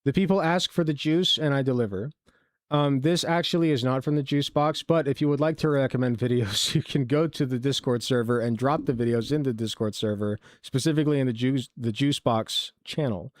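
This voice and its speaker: This medium-pitched male voice moves at a brisk clip, captured in a clean, dry studio recording. As host of a laid-back reaction stream, he wanders through his commentary, curses freely, and keeps interrupting himself.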